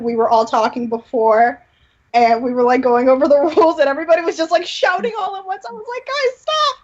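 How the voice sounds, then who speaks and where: Animated high-voiced young woman, lo-fi. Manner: animated, storytelling with quoted dialogue. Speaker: guest performer. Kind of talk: casual interview chat. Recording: dull lo-fi audio.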